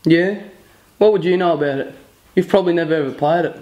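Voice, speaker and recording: A man's voice: on the high side, fast, darkish tone, lo-fi sound, lightly acted. A man playing a sulky, cricket-loving city boy in a short film, curt and dismissive.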